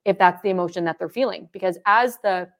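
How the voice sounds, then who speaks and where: She talks quickly in a voice on the low side, co-hosting a marriage podcast as a coach. The chat is relaxed yet animated, full of acted-out example lines.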